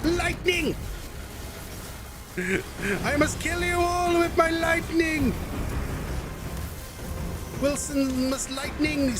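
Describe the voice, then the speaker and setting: A man doing a power-mad lightning villain, high and slow. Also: level tone, over music, full character voice. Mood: menacing. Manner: slow, drawn-out, theatrical declaring.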